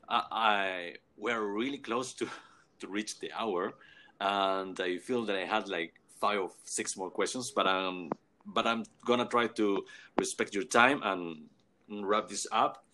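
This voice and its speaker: A man hosting an interview, eager and a bit halting as he frames his questions. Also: fairly low pitch, bright, forceful tone, slight background noise. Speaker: podcast host. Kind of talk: casual interview.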